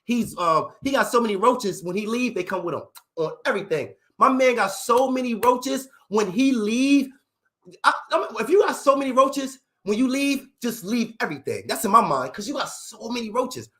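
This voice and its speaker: A young adult man telling comedic stories in a profane, animated style, slipping into character voices. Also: extremely high pitch, moderate pace. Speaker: comedic storyteller.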